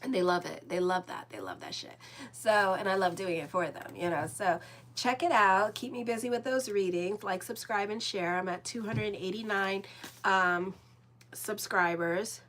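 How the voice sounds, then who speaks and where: A woman's voice: mid-range voice, moderate pace, a bit bright, a little hiss or hum. A woman, hosting her horoscope channel in a chatty, rambling, blunt monologue with casual swearing. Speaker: astrologer and channel host.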